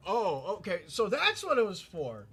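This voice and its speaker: A man's voice: sits high, huge pitch swings, moderate pace, fairly bright tone, husky. A man hosting a casual drawing live stream, rambling and repeating words as he reads chat aloud. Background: faint background music.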